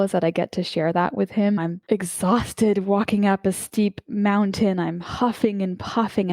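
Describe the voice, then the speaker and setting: A woman's voice: lowish voice, a little mellow, no room sound. A young adult woman from Eastern Canada, a podcast guest telling her story in an earnest, emotional, reflective way. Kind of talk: storytelling interview.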